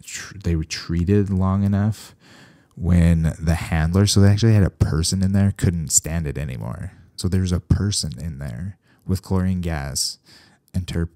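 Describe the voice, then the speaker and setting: Very deep-voiced man, gravelly and wry. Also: measured pace, no echo. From Canada. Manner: animated, wry, sarcastic asides. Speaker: veterinarian podcast host. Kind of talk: casual solo podcast monologue.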